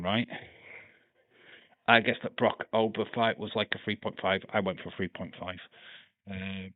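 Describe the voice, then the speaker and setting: A man with a Yorkshire accent hosts a live watch-along stream in a loose, chatty way, laughing often and swearing freely. His voice sits on the low side. The sound is tinny and phone-like, with a dry, close feel. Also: no echo. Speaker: livestream host.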